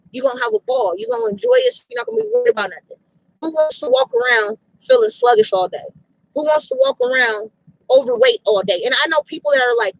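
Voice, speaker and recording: Animated woman giving emphatic fitness pep talk. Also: high-pitched, creaky, no room sound, poor audio. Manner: emphatic, repetitive, direct, street slang. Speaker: fitness motivator. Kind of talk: casual motivational talk. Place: outdoors.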